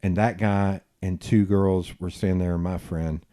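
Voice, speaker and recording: Guy in his 40s hosting a podcast, kinda low voice, animated storyteller, cusses a lot. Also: moderate pace. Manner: animated, acts out quotes, swears freely. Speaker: podcast host. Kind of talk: casual storytelling chat.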